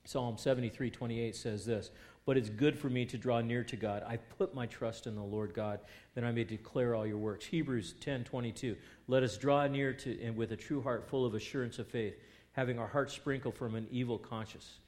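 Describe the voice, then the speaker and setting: Delivering a sermon at normal speed, this man speaks at a medium pitch with fairly even intonation. He reads scripture aloud, puts rhetorical questions to the congregation, and alternates between loud emphasis and quiet asides.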